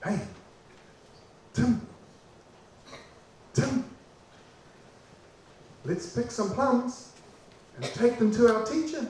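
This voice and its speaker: A keen young schoolboy with a New Zealand lilt, as a man storyteller puts him on. He nags and repeats himself until his mate gives in, in a high voice. The sound is echoey and distant, with a faint hiss behind. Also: very slow, long pauses, darkish tone, heavily acted. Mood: coaxing, insistent. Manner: pushy, repeating himself to persuade. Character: eager young boy, best mate, insistent.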